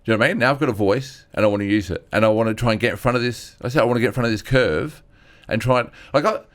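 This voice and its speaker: A man's voice: medium pitch, racing. A man, a stand-up comedian telling personal stories in an earnest, rambling way as an interview guest. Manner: earnest, rambling, acts out others' lines. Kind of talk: candid storytelling chat.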